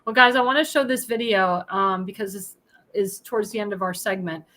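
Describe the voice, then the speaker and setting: A woman's voice: mid-range voice, steady tone, a little fast, pushed and bright. A woman hosting a political talk panel, laughing often and handing questions to her guests. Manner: giggly, hands off questions to guests. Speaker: host.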